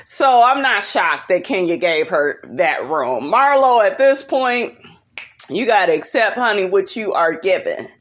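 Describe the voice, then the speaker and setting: A young woman recapping reality TV in a sassy, profane, casual vlog style. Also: unhurried. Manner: sassy, profane, animated with big pitch jumps.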